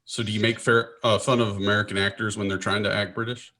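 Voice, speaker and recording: A man's voice: on the low side, level tone, fast talker, sharp tone. A man co-hosting a casual chat, blunt and teasing with his remarks. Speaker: co-host.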